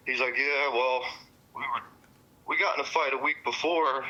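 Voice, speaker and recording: A man's voice: medium pitch, fairly even intonation, moderate pace, sharp tone. Rambling man on a muffled phone line. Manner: rambling with many fillers and cussing. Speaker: witness interviewed by police. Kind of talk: casual recounting.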